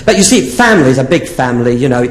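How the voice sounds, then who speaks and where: A man's voice: medium pitch, very animated, rapid-fire. A man doing a drag comedy act on a theatre stage, telling saucy stories in a camp, sing-song manner. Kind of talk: bawdy stand-up storytelling. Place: theatre stage, live show.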